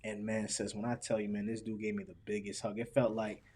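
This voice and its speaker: Animated slangy man telling stories. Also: lowish voice, brisk, a little hiss or hum. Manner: animated, slangy, acts out voices in his stories. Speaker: podcast guest, professional speaker. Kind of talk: casual storytelling chat.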